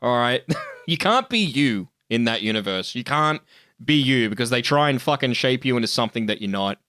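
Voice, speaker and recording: A man's voice: medium pitch, animated, brisk, sharp tone, no echo, clean studio sound. A man, hosting a live stream in casual chat, swearing and joking with frequent laughs. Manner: profane, joking, laughs often. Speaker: streamer host.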